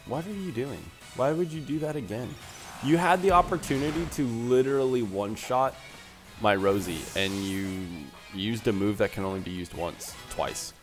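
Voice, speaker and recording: A man commentating his gameplay in a playful, joking way. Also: lowish voice. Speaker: let's play host.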